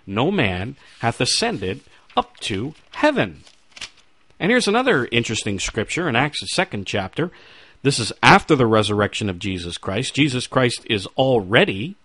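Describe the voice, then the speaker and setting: A middle-aged man delivers a radio sermon, pressing his points with rhetorical questions and quoted scripture. His voice swings widely in pitch, animated and insistent. The sound is dry and close, with no room echo. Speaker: radio preacher.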